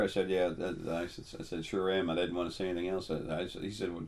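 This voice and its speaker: An older man with a deep, low voice gives a loose, unscripted talk as a spiritual teacher. He rambles and stops often with ums and restarts. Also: level tone, a little mellow. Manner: rambling, halting with many ums. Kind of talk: casual monologue.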